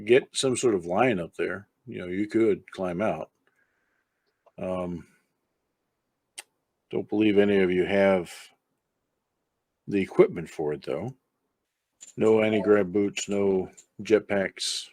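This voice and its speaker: With a low, slightly mellow voice and no room sound, a man acting as game master narrates a tabletop game in an easygoing, chatty manner, now and then breaking off to talk to a pet.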